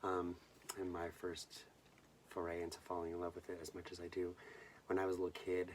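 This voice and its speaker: A young man with a very low voice hosts a soft-spoken bedtime movie vlog. He tells his stories in a hushed, intimate way and often slips into a whisper. He sits slightly away from the mic, with a faint hiss behind him. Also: completely flat delivery, a little fast, distant mic. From Southern California. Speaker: host.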